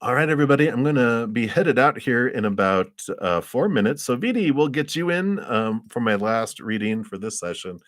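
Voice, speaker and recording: A man with an expressive mid-range voice gives a live tarot reading in a casual, chatty way, laughing often and acting out little scenes in quoted voices. He speaks at a normal pace with hardly any pauses, and the studio-quality recording has no echo.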